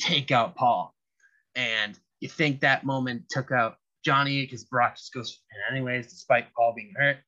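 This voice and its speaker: A man co-hosting a podcast, explaining his point in a quick, blunt, casual way. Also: mid-range voice, sharp tone, dull audio. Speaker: podcast co-host. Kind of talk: casual chat.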